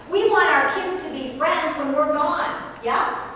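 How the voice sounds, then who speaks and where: A woman's voice: high-pitched, takes it slowly, sharp tone, slight background noise. A woman giving an earnest faith-based parenting talk, often asking the audience to agree. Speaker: parenting speaker. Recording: echoey hall from far off.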